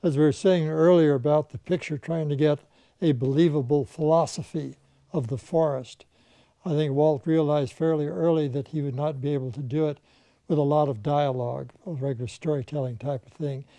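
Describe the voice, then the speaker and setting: A man's voice: on the high side, fairly even intonation, moderate pace, mellow, dry recording. An older man, a veteran animation filmmaker, reminiscing in conversation and telling anecdotes in which he mimics the people he quotes.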